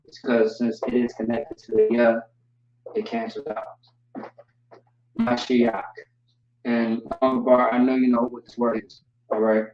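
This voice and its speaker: A man teaching a language class online, relaxed and joking, spelling words out slowly. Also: medium pitch, slight background noise. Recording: distant, roomy, dull mic sound.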